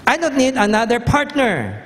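A pastor doing an old prophet begging god, voice pushed way up high, echoing round a big church hall. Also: male voice, wildly swooping pitch, moderate pace, exaggerated voice. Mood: pleading. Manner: earnest, imploring, rising to shouts.

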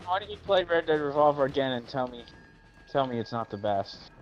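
A man's voice: medium pitch, lively intonation, fairly quick, soft background music. A man chatting casually while gaming with friends, stubbornly insisting on his opinions. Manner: argumentative, insistent. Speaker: friend playing along. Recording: dull lo-fi mic with faint hiss.

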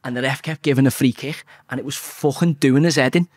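A foul-mouthed man in his forties spins a football yarn as a guest. He talks bluntly and animatedly, swearing freely. His pitch sits in an ordinary middle range. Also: brisk, breathy edge. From England. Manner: blunt, heavily profane, animated anecdote-telling. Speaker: podcast guest, former footballer. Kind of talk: casual storytelling.

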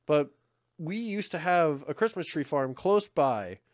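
Man co-hosting a podcast, slightly high voice, loose rambling chat, cursing, dry close sound. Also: animated, unhurried, no room sound. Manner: rambling nostalgic storytelling with frequent swearing. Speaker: podcast co-host. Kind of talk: casual chat.

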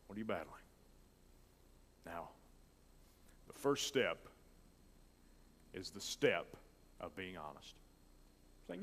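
A man pastor preaching a sermon with great emotion, moving between loud declarations and soft, near-whispered lines. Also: lowish voice, animated, slow, long pauses, long reverb tail.

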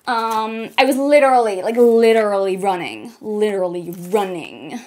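A woman's voice: medium pitch, animated, normal speed, a little mellow, natural voice. Put-on American accent, woman playing a self-pitying rich young model, drawling and airy. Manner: airy, drawling, full of likes and ums.

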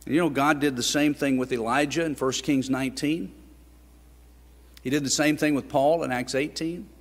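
In a church sanctuary full of long reverb, a man with a voice on the high side preaches at a normal speed with fairly even intonation. He speaks earnestly and builds to emphatic rhetorical questions.

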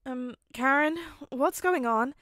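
A woman's voice: high voice, slow pace, pushed and bright, no room sound, clean studio sound, voice pushed up, full character voice. Woman voicing an eager, sheepish teen boy. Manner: earnest and sheepish.

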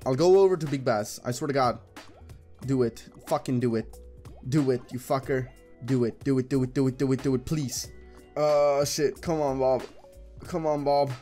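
Young man, casual slot commentary, excitable, swears a lot, faint music behind. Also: mid-range voice, moderate pace. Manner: excitable, swearing, talks to the screen. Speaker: gambling streamer.

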